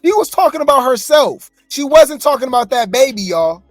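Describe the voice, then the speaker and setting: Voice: high voice, big pitch swings, a little fast, dry recording, soft background music. A gossip commentary host reacting to a clip in an exasperated, sarcastic way.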